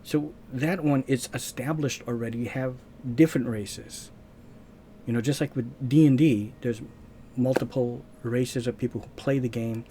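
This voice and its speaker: A man's voice: medium pitch, steady tone, moderate pace, warm tone, slight background noise. A man hosting his own channel, talking in a casual unscripted monologue, rambling, restarting sentences and searching aloud for words. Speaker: channel host.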